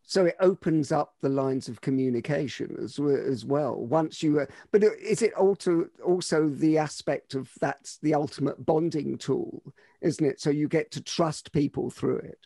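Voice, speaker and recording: A male podcast host with a gravelly, dark voice, a little higher than most men. He builds on his guest's point with probing follow-ups, and the sound is dry and close. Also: moderate pace, hardly any pauses, no room sound. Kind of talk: interview questions.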